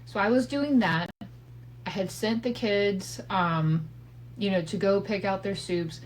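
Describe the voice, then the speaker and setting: A woman in her thirties hosts a podcast, telling a family story in a casual monologue that is candid and profane, full of asides and laughter. Her mid-range voice is a little slow, and the low-quality recording carries a faint hum from a home setup.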